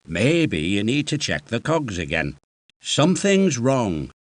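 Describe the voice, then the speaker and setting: Man from the uk, game narrator, patient and encouraging, slow, very lively pitch, dry close studio mic. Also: no room sound. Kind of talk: scripted game instructions. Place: recording studio.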